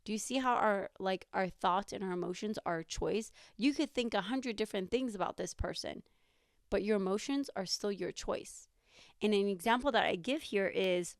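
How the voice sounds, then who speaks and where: Woman podcast host, thirties, chatty and coaching, mid-pitched, dry recording. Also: dry recording. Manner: conversational, many fillers and rhetorical questions. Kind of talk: casual podcast monologue.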